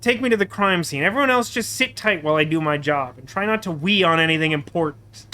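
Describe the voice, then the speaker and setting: A stern senior detective, as a man reads him for a video game. He gives curt, commanding orders. The voice is bright and fairly high for a man. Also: fast, slight background noise.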